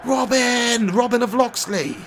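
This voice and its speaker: A man's voice: extremely high pitch, unhurried, fairly bright tone, a little hiss or hum. A young man, a gaming streamer, chatting casually on a live stream, laughing often and reading out chat messages.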